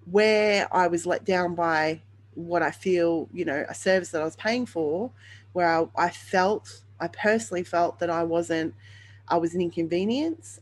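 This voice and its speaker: A woman's voice: fairly low pitch, low-quality recording. A woman hosting a podcast, telling her own story in an earnest, open way with frequent ums and self-corrections. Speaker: podcast host sharing her birth story. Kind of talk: candid personal storytelling monologue.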